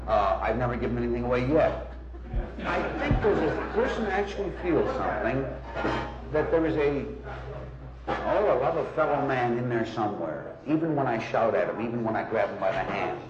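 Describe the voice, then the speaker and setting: Gruff deli owner, brusque with customers; dull old film sound, busy shop noise. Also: male voice, medium pitch, very animated, normal speed. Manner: brusque, shouts orders at customers. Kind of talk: archival documentary interview. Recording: dull roomy old film audio with crowd.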